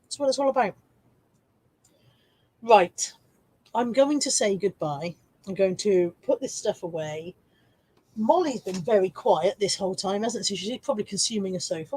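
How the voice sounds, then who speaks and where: A woman's voice: lively intonation, normal speed, pauses often, dark tone, slightly rough, rough recording. A woman hosting a casual live stream from home, reading viewer comments aloud and laughing easily. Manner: high baby-talk voice to her dog.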